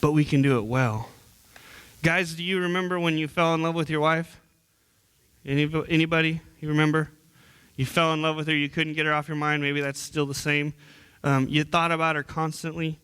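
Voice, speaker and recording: Young male youth minister, slightly high-pitched, preaching in church in an earnest, conversational style with frequent restarts. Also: steady tone, a little fast, a bit bright, clean tone. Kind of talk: sermon.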